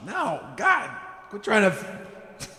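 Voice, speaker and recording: A man's voice: high-pitched, wildly swooping pitch, takes it slowly, bright, forceful tone. A man playing a tabletop game, joking and asking questions in a playful way. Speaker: player. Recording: echoey room with reverb.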